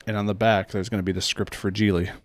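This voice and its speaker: A man's voice: fairly low pitch, level tone, fast talker, slight background noise. A man co-hosting a car podcast in casual chat, joking and rambling and laughing often. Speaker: podcast co-host.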